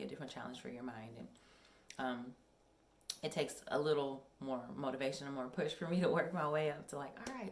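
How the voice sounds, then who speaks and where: Young woman, low voice, chatty and rambling, casual vlog, echoey room. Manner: chatty, rambling, with many ums. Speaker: vlogger. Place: home workout room.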